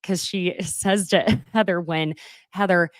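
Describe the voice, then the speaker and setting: A woman in her thirties co-hosting a casual recap chat, animated and profane, slipping into quick impressions of the people she talks about. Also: lowish voice, no echo, clean studio sound. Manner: animated, profane, mimics people with put-on voices. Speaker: podcast co-host.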